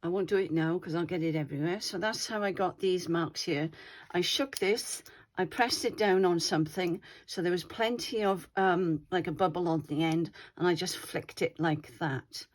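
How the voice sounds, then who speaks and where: Woman, a little low-pitched, casual craft host, chatty and friendly check-ins. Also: normal speed. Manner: chatty, often checks in with "all right?".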